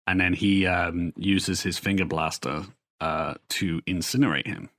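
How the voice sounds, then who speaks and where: Man, podcast co-host, very low voice, rambling profane recap, casual chat. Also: fairly even intonation, a bit bright. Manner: rambling, profane storytelling with quick put-on quotes.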